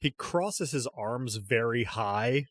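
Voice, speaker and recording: A man running a tabletop game, narrating scenes with a lively, rising and falling voice. He talks in a relaxed way, with many small fillers. The sound is close and dry. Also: mid-range voice, slow pace, dry recording. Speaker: game master.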